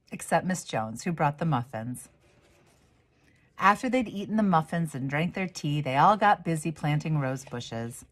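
A woman minister reading a children's picture book aloud, gently lifting her voice for the characters' quoted lines. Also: deep voice.

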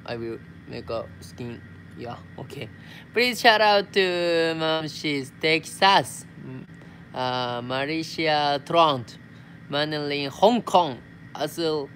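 Slow-talking Japanese-accented young man. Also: a little high, a bit bright, slight background noise. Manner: reads messages aloud, replies in simple English with Tagalog words. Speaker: vlogger. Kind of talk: casual live stream, reading viewer comments.

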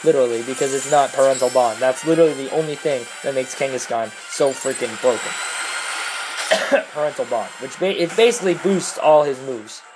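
A young adult player commentating their own competitive game battles, muttering quick strategy and breaking into swearing, exasperated outbursts over bad luck. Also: medium pitch, over music, low-quality recording. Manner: rushed, mumbled strategy talk between outbursts. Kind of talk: gameplay commentary.

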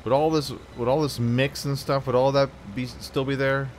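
A man's voice: medium pitch, fairly even intonation, normal speed, slight background noise. A man casually commenting on a farming game as he plays, chatting to himself and the game with jokey asides. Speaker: gameplay commentator.

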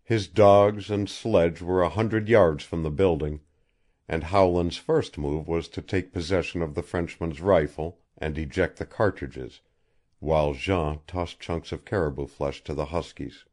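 A man narrating an audiobook in a measured, expressive way. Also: low-pitched. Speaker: audiobook reader.

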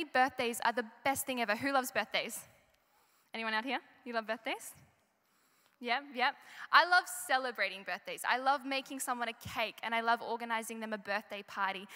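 Young woman, chatty storyteller, bright high voice, long hall reverb. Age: young adult. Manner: chatty storytelling, asks the audience questions. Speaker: children's story presenter. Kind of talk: children's talk in church service. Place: large church hall. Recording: live church recording with long reverb.

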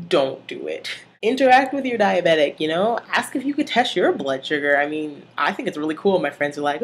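A young adult woman vlogging in a chatty, animated and frank way. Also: deep voice, slight background noise. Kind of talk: casual chat.

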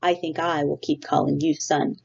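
A woman reading aloud voices a gentle robot mother who speaks in a formal, measured way without contractions. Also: low voice, level tone, creaky, husky, exaggerated voice. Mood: tender. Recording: dull lo-fi recording.

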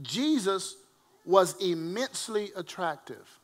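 A man preaching a sermon to a responding congregation, swinging between loud, emphatic calls and quiet storytelling. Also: sits high, big pitch swings, slow pace.

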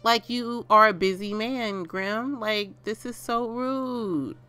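Woman, gaming channel host, let's play commentary, dramatic and exclaiming, slow delivery. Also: fairly high pitch, sharp tone, clean tone, faint music behind.

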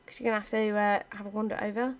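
Here a young let's-play gamer talks her way casually through a strategy game, speaking to her units along the way. She races along in a medium-pitched voice with little pitch movement.

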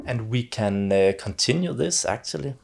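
A man teaching piano and calmly explaining how voices in chords move, with frequent small fillers. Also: medium pitch, normal speed, gravelly. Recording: talk over loud piano music.

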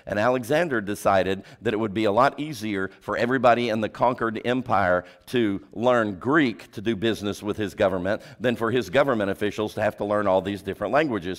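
A male preacher giving a sermon, asking the congregation rhetorical questions and dropping his voice low for emphasis. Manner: drops pitch and volume for emphasis.

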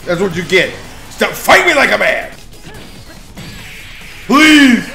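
A high-voiced man calls his own match with loud, lively swings in pitch, drawling slowly between his outbursts. He trash-talks and swears, mutters to himself, then shouts at the screen. It sounds like a roomy space, with soft music behind him. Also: gravelly. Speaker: gaming YouTuber. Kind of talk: excited gameplay commentary.

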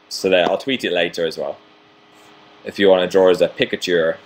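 Young male livestream host, chatty and self-mocking, slightly low voice, reading fan comments. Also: moderate pace. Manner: chatty, self-deprecating, reads viewer comments aloud.

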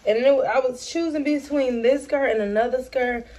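A woman's voice: high-pitched, moderate pace, darkish tone, slight background noise. A woman vlogging in casual chat, talking to her viewers directly as she unpacks and shows off purchases. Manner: chatty, talks to viewers as y'all.

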